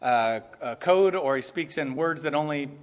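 A pastor preaches a sermon in a high-pitched voice at normal speed, rising into emphatic bursts and breaking into laughter as he drives his points home. A long reverb trails his voice, as if he were filling a large hall.

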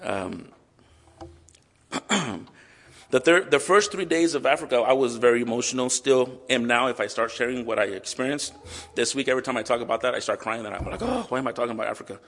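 A male pastor preaching a sermon earnestly and with emotion, reading scripture aloud slowly. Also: medium pitch, fairly bright tone. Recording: long hall reverb.

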